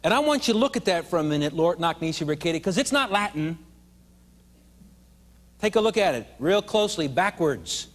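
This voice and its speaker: A man's voice: a little high, big pitch swings, a little fast. A man training teachers in a live seminar, playful and drawing the adult audience into call-and-response. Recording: long hall reverb.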